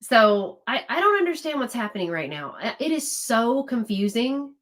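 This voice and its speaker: Emphatic woman, fairly high voice. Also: big pitch swings, normal speed, a bit bright. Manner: emphatic, repeats herself, exasperated asides to viewers. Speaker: livestream host. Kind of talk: casual political commentary, reacting to chat.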